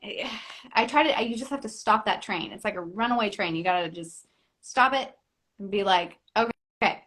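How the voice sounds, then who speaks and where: A young woman, an actress and comedian, chatting as a guest in a live interview, animated and playing out little quoted voices as she laughs. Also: medium pitch, a little fast. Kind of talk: lively live interview chat.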